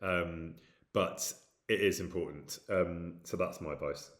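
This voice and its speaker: A man's voice: deep voice, fairly even intonation, measured pace, a bit bright. A middle-aged man with a light Midlands accent, chatting casually and candidly as he answers viewer questions, with frequent ums and restarts. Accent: light Midlands English. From England. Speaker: actor streaming with chat.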